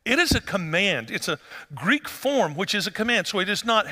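A pastor's bright, slightly high voice rings through a big church hall, trailing a long reverb. At a moderate pace, his sermon moves from relaxed storytelling into animated emphasis.

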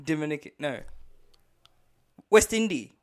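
A young man with an Australian accent co-hosting a casual podcast, jokey and quick to laugh. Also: on the high side. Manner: animated, laughs often, jokey. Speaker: podcast co-host.

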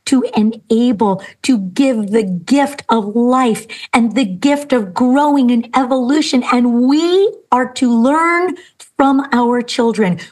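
A woman hosting a podcast, telling a story and speaking earnestly and emphatically, slowing down for emphasis. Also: sits high, darkish tone, poor audio. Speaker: podcast host. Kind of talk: storytelling and inspirational talk.

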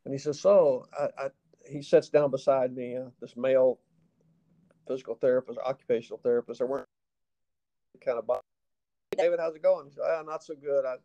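A man's voice: mid-range voice, a little fast, pauses often, highs cut off. A middle-aged man with a Southern accent, telling a personal story as an interview guest in a folksy way and acting out the dialogue. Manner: folksy, animated, acts out quoted dialogue.

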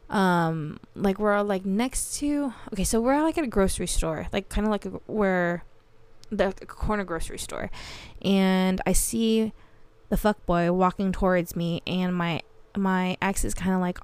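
A woman's voice: medium pitch, smooth, dry recording. A young woman hosting a podcast, casually telling a story with heavy swearing and frequent laughter. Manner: profane, animated, laughs often. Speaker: podcast host.

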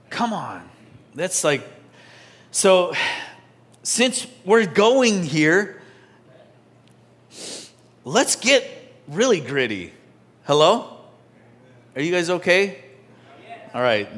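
Slow, bright-voiced preacher. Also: male voice, sits high. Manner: swings from loud emphatic to soft near-whisper; conversational, with restarts and asides to the congregation. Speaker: pastor. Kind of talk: sermon. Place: church.

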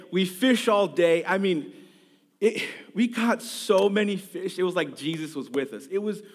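A man preaching a sermon, telling a funny personal story before turning earnest and quiet. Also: sits high. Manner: storytelling, animated and humorous, then earnest and quiet. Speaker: pastor. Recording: long hall reverb.

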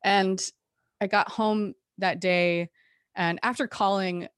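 A woman guest telling a personal story candidly, animated and frank, with restarts and the odd curse word. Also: medium pitch, slow pace, clean tone, no room sound, clean studio sound.

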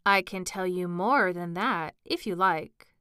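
A woman reading as the Gryphon, a bossy male beast from a storybook who lectures with impatient solemnity. The voice is smooth and sits on a dry close mic, taken at a measured pace. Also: on the low side, bright, forceful tone, dry recording.

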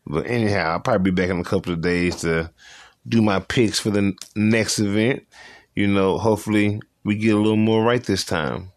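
Deep-voiced man on a dry podcast mic. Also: steady tone, fairly quick, no echo. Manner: loose, slangy, repeats himself. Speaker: podcast host. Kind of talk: casual solo podcast chat about fights.

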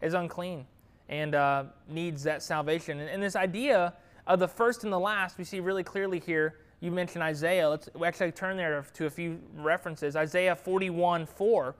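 A young man's smooth voice, on the high side and at a moderate pace, guides a group through a casual Bible study in a classroom. He speaks loosely and with liveliness, sometimes slipping into a whisper.

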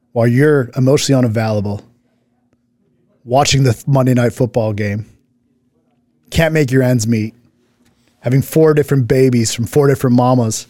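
A man with a mellow, rather dark voice chats casually beside his wife, reacting to viewer comments. He speaks bluntly, swears freely, and wanders through half-finished thoughts. The sound is dry and close. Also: mid-range voice, no echo. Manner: rambling, blunt and profane, trails off and restarts. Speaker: co-host, husband.

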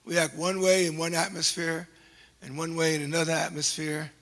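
Gravelly, animated preacher man. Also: a little high, moderate pace. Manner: animated, self-mocking storytelling. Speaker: pastor. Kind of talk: storytelling sermon. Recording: long hall reverb.

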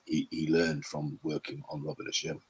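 An older man, a guest actor, telling rambling anecdotes in an interview and clearing his throat now and then. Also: a bass voice, monotone, normal speed. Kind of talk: interview chat, storytelling.

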